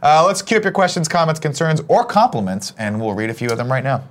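A man's voice: on the high side, quick pace. A man hosting a casual morning talk show, reading out viewer questions and joking with his co-hosts, swearing now and then. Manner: lively, swears, jokey. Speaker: host.

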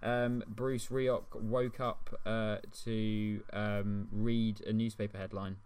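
A man's voice: lowish voice, little pitch movement, slow pace, darkish tone, clean tone. A man co-hosting a casual podcast, telling stories chattily with many ums and restarts. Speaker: podcast co-host. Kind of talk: casual chat.

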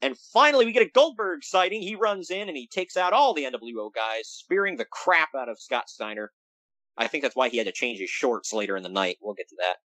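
Animated, lively man recapping wrestling. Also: a little fast, no room sound, rough recording. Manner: animated, jokey, swings pitch for emphasis. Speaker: podcast co-host recapping wrestling. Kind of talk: casual chat.

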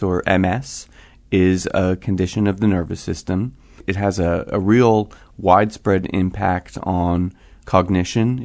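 Brief: deep, gravelly man, calm researcher explaining things step by step. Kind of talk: explanatory interview answers.

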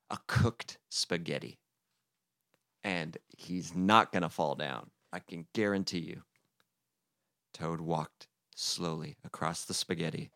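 A deep-voiced man reads a crude parody storybook at an unhurried pace, breaking in with sardonic, profane asides. The sound is close and dry, with no room around it. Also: vocal fry, fairly bright tone, no echo. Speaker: comedy podcast host reading a parody story. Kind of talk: crude comedic storybook reading.

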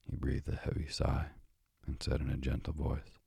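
A man narrating a storybook aloud in a slow, measured way. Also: extremely low pitch, completely flat delivery, creaky, a little mellow, husky, dry recording. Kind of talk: audiobook narration.

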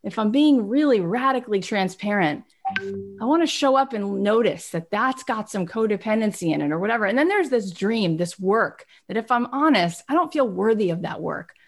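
A woman giving an expressive, animated motivational talk on personal growth. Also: mid-range voice, normal speed. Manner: expressive, acts out little scenes.

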